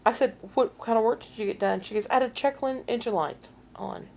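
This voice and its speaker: A middle-aged woman co-hosting a podcast, casually telling a story and acting out quoted voices with big swings in pitch. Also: brisk, creaky. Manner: animated, acts out quotes with big pitch jumps. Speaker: podcast co-host.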